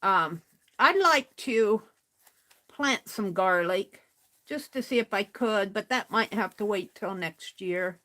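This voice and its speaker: A woman's voice: mid-range voice, lively intonation, a bit bright. A woman hosting a craft livestream, chatting casually and muttering to herself as she works. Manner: muttering to herself while working, slow and unhurried.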